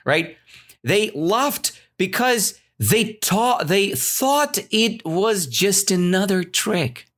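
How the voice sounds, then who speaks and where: A man from Russia with a high-pitched voice and a Russian accent speaks slowly as he teaches English through a story. Animated, he adds "right?" after almost every phrase to check in.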